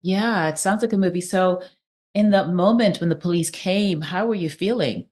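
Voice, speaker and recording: A woman hosting an interview, responding with brief affirmations and gentle follow-up questions. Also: on the low side, moderate pace. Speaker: host.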